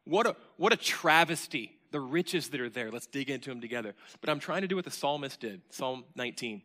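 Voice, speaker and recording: A man preaching a sermon to his church congregation, earnest and emotional, swinging from loud emphasis down to near-whispers. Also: medium pitch, expressive, fairly quick. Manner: earnest, emotional, admits crying mid-sermon. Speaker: pastor. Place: church sanctuary.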